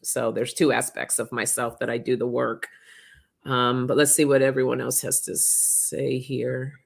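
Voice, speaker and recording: A woman hosting a casual chat, speaking in a warm, affirming way and reading out comments from viewers. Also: rumbling low, flat delivery, moderate pace, vocal fry, husky. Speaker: host.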